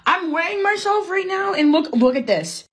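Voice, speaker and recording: A young woman with a high voice chats to her phone camera at home in a casual comedy vlog. She is giggly and dramatic, squealing and swooping all over her range as she plays up mock pain. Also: animated, moderate pace, a bit bright. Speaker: comedy content creator.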